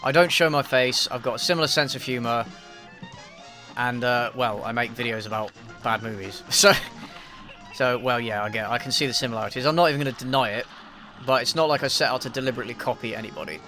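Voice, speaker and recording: A man with an English accent chats offhandedly on a live stream, dry and self-deprecating as he answers viewers. His voice has a bright tone at a middling pitch. Faint music plays underneath. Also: fast. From England. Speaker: YouTube reviewer streaming a game.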